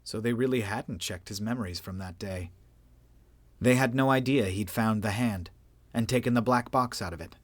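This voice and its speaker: A man narrating a sci-fi audiobook in an even, steady storytelling voice. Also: lowish voice, normal speed, dry recording.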